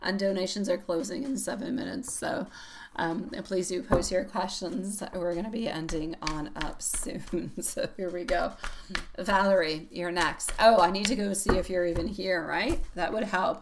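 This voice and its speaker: A woman's voice: lowish voice, fairly even intonation, moderate pace, noisy background. A woman reading tarot on a live stream, chatty and affectionate, laughing often and calling viewers sweetie pie. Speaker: tarot reader.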